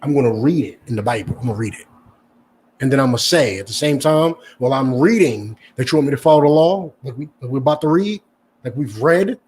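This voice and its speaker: A man's voice: medium pitch, fast talker, a little mellow, slight background noise. A male preacher giving a confrontational sermon, lecturing in a profane style and asking "You understand?" again and again. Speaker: preacher and teacher.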